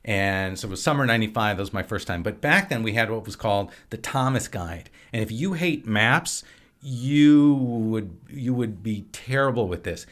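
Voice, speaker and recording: A man's voice: lowish voice, moderate pace. Chatty man telling long stories. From Wisconsin, USA. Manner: lively, rambling anecdotes. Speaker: podcast guest, filmmaker and actor. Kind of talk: casual storytelling.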